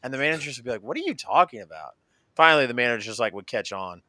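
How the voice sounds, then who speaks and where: A man's voice: medium pitch, big pitch swings, fast talker, bright, forceful tone, no echo. A man co-hosting a casual chat, joking around, swearing freely and telling his own prank story. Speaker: podcast co-host. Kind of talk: casual banter.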